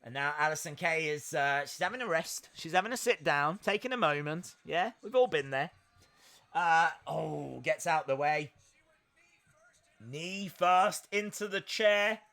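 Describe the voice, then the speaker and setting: Man, high bright voice, unhurried, joking watch-along host who erupts into shouts. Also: creaky. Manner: excitable, jokey, bursts into shouts. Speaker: live stream host. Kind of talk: wrestling watch-along commentary.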